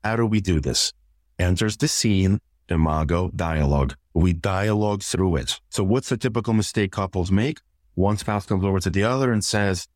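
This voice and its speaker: Deep-voiced man, calm step-by-step explainer. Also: moderate pace, no echo. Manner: calm, methodical, walks through numbered steps and acts out example exchanges. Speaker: couples therapist. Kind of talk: explaining in a podcast interview.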